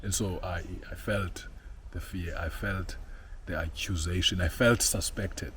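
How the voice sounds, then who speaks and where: A man outdoors in a forest, telling a personal story in an earnest, halting way, repeating words as he searches for them. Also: low voice, steady tone, fairly bright tone, slight background noise. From South Africa.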